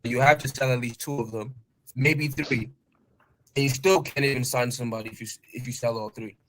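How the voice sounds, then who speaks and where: A man's voice: medium pitch, fairly even intonation, a little fast, a bit bright, low-quality recording. A man in a casual football talk stream with an ordinary mid-range voice. He makes his points insistently, cutting in with "listen, listen". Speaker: podcast co-host. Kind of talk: casual chat.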